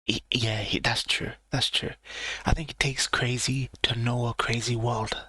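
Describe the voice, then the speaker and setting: A man's voice: medium pitch, level tone, normal speed, bright, forceful tone, slightly rough, dry recording. A man hosting a live reaction stream, tossing out offhand, crude, slangy asides. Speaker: livestream reaction host. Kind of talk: casual reaction commentary.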